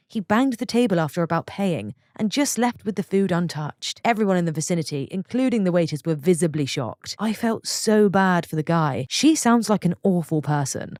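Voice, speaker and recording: A woman with a lively voice that swoops up and down and sits a little low, reading online stories and breaking off to react to them. The sound is dry and close, with no room around it. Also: no echo. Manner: expressive, reacting aloud between stories. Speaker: story narrator.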